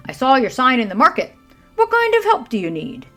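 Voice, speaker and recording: A tall, strong man, played by a woman in a family storybook, loud and blunt, quick to turn down a dirty job. His voice rises and falls a lot over soft music. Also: high-pitched, huge pitch swings, voice pushed up, exaggerated voice. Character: tall muscular young man, blunt, unimpressed.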